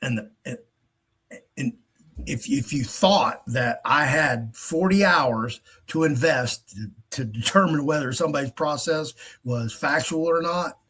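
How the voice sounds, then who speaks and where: A man's voice: fairly high pitch, unhurried, fairly bright tone, breathy edge. A man hosting his own show in a casual, rambling monologue, blunt and heavy on profanity. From United States. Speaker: host.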